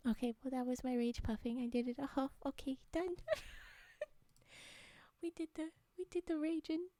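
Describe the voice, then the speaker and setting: A woman streamer chatting playfully with viewers during an ASMR stream, soft-spoken, often dropping to a whisper, and giggling a lot. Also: sits high, moderate pace, no room sound.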